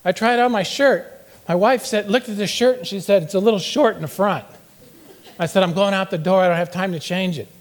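A man's voice: high voice, brisk. A middle-aged man preaching a humorous sermon in church, telling playful stories and acting out quotes. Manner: playful storytelling, acts out quotes. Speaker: pastor. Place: church sanctuary.

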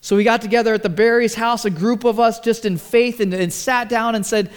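A man's voice: extremely high pitch, fairly even intonation, a little fast, hardly any pauses, smooth. A man preaching a conversational sermon as pastor, often restarting words and asking the congregation questions.

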